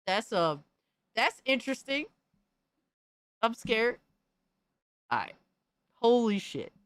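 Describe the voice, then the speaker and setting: Animated woman streamer, dry close sound. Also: on the high side, slow pace, no echo. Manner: mock outrage, swears, calls everyone bro. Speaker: streamer host. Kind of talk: casual live-stream reaction chat.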